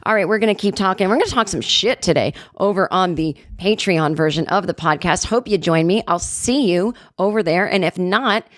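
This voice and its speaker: A middle-aged woman hosting a solo podcast, with a slightly low voice. She rants and spins stories with sarcasm and quick asides, recorded close and dry with no room sound. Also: no echo. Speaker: podcast host. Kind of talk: comedic solo rant.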